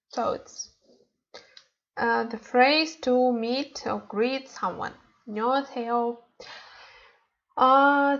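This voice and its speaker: Woman teaching phrases, halting, lo-fi. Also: high-pitched. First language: Ukrainian. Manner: halting, many fillers, slow careful repetition of example phrases. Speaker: language teacher. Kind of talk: casual spoken lesson.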